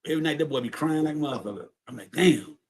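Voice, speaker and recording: A man's voice: on the high side, racing. A man telling a long story in casual, profane street talk, often repeating his words.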